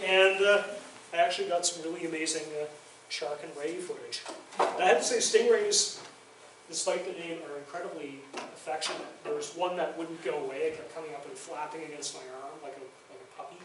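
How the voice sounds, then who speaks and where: A man with a fairly high voice gives a chatty, self-deprecating lecture full of anecdotes. He is recorded from far off in a very echoey room. Faint background hiss sits under his voice. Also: fast. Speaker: guest lecturer and documentary filmmaker. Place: university faculty lounge, indoors.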